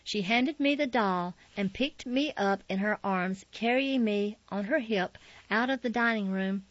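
Woman calmly reading a memoir. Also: medium pitch, no room sound. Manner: calm, measured storytelling. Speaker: narrator. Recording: slightly dull, dry recording.

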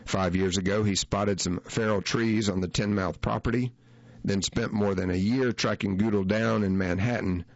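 A man reading a first-person feature story aloud in a measured, unhurried way. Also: fairly low pitch, no room sound, muffled recording. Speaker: narrator.

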